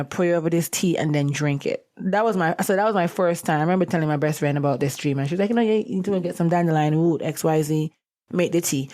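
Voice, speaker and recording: A woman's voice: low voice, a little mellow. A young adult woman hosting her own podcast, talking in a somber, reflective way. She is openly emotional and teary as she talks. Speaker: podcast host. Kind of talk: personal podcast monologue.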